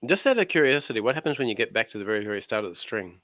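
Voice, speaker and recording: Male guest, joking storyteller, sharp bright tone. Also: fairly low pitch, big pitch swings, racing, no echo. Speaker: guest on his wife's craft channel. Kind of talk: casual chat.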